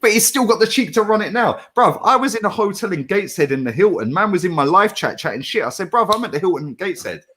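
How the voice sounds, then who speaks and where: A middle-aged man talking in a brash, animated way, swearing and using slang. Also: sits high, fast talker, few pauses. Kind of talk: casual chat.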